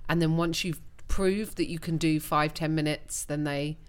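A woman from England, a comedian guest, chatting casually on a podcast with quick asides and frequent laughter. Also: low-pitched, steady tone, clean tone.

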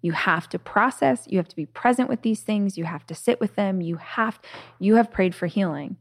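A woman's voice: medium pitch, moderate pace. A woman hosting a podcast, talking casually and telling stories with lots of fillers and restarts. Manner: chatty storyteller, many "like"s and restarts. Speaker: podcast host. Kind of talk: casual conversation.

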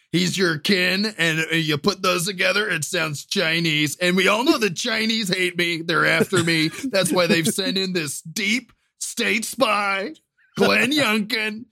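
A man's voice: high voice, a little slow, vocal fry, sharp tone, no room sound, clean studio sound, heavily acted. A man voicing a boastful older male politician, rambling and paranoid, as a comedic impression.

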